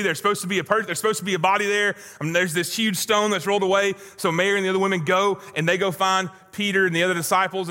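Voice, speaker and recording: Bright-voiced man preaching in a reverberant hall. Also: high-pitched. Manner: earnest, pleading, swings from soft to urgent. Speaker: pastor. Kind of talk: sermon.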